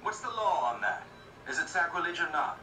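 Man voicing a brash young man, rough, blunt, scornful, raised voice, distant mic. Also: a little high, very animated, fairly quick, bright, forceful tone, a little hiss or hum, pitched above the performer's own voice, full character voice. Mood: boastful. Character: brash young merchant's son, rough, impatient. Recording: roomy echo, distant mic, music behind.

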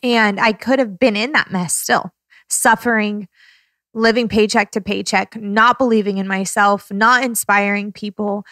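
A woman's voice: medium pitch, fairly even intonation, measured pace, a bit bright, no echo. Emotional woman in her thirties, close to tears. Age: 30s. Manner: heartfelt, tearful, effusive. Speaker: podcast host. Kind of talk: emotional casual podcast talk.

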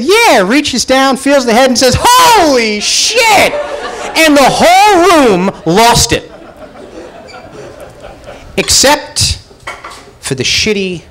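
A man telling a comic personal story live at a pub show, animated and self-mocking, acting out the voices he quotes. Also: a little high, low-quality recording. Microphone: far camera.

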